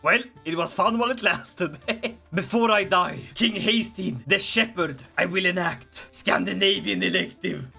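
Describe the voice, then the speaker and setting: A man giving playful, excitable let's play commentary as a gaming video creator, joking and laughing often. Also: sits high, measured pace, creaky, husky, faint music behind.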